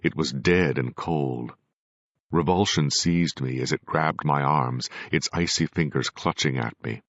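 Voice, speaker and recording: A man narrating a first-person audiobook with measured, grave storytelling. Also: very deep voice, no room sound. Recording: dry, dull lo-fi recording.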